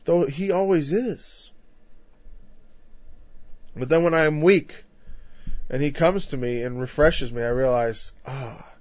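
A man's voice: a little high, slow pace, pauses often, darkish tone, no echo. A man preaching a conversational sermon on a Bible passage, full of "you know" asides and rising into impassioned lists. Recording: dull, dry lo-fi recording.

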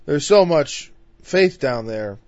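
A man's voice: fairly high pitch, expressive, slow, a little mellow, no echo. A man from northern Illinois leading an informal Bible study in a conversational way. He asks rhetorical questions and often says "you know.". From northern Illinois, USA. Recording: dull, dry lo-fi recording.

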